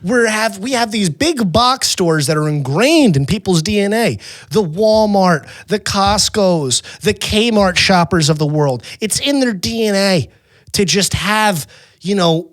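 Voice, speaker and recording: A man hosting a podcast, telling a story in a casual, animated, swearing and self-mocking way. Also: high-pitched, no room sound. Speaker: podcast host.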